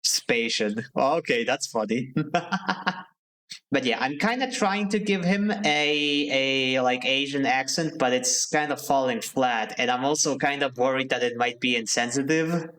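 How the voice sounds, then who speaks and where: A man streaming a game live, talking casually in an ordinary mid-range voice. He thinks out loud and answers his viewers as he plays. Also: medium pitch, a little slow. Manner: chatty, thinks aloud, answers chat.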